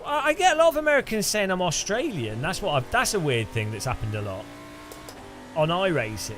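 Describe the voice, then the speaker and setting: A man with an English Midlands accent, chatting casually and excitably while he streams a sim race. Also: sits high, a little fast. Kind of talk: live-stream chat while sim racing. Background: loud background music.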